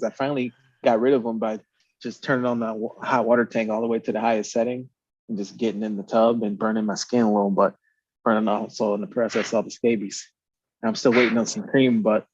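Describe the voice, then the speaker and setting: Brief: man, casual storyteller, lively, swears, dry lo-fi recording. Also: medium pitch, no room sound. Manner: animated storyteller, swears, acts out quotes. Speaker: podcast host.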